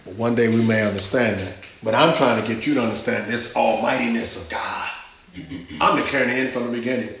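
Impassioned preacher in a very echoey hall. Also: male voice, mid-range voice, a little fast, fairly bright tone, a little hiss or hum. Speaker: pastor. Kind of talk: sermon.

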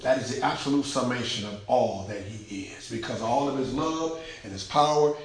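A man preaching a sermon in a rhythmic, repetitive cadence, swinging from shouted exclamations to hushed near-whispers. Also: mid-range voice, moderate pace. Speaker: pastor. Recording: echoey room.

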